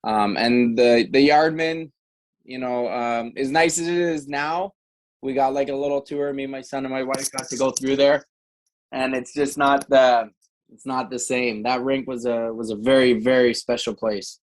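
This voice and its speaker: A man's voice: mid-range voice, fairly even intonation, normal speed, poor audio. A middle-aged man from Canada, a former hockey player telling stories on a podcast in a rambling way, with many restarts. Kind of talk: casual storytelling.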